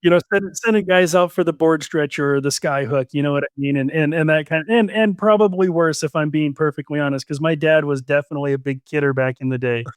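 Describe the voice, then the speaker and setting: A man's voice: on the high side, fast talker, hardly any pauses, smooth, dry recording, studio quality. A man chatting as a podcast guest, telling shop stories and often repeating his opening words. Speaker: podcast guest, business owner. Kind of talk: casual podcast chat.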